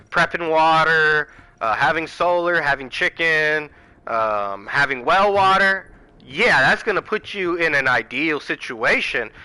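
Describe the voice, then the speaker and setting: A man's voice: on the high side, sharp tone, poor audio. A man hosting his own channel, delivering a heated, profane political rant and addressing viewers directly as y'all. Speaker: channel host. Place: Arizona home.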